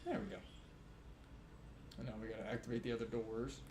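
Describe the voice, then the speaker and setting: A man streams a game, swearing freely and venting at the controls, his voice swinging up and down with a lively pitch. His mic catches a roomy echo, with faint noise underneath. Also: brisk, vocal fry. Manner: profane, venting, animated. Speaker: gaming streamer. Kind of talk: live gameplay commentary. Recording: roomy livestream audio with faint background noise.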